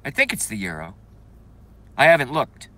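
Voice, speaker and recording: Bright-voiced man ranting on a livestream. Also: mid-range voice, wildly swooping pitch, normal speed. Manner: blunt, profane, chatty, reads viewer comments aloud. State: congested, coughing. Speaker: livestream host. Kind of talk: casual livestream rant.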